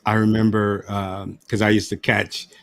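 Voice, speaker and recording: A man's voice: on the low side, completely flat delivery, normal speed, creaky, no room sound. A man hosting an interview, talking reflectively and telling stories with frequent restarts. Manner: reflective, storytelling, many restarts. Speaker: podcast host. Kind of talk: casual interview chat.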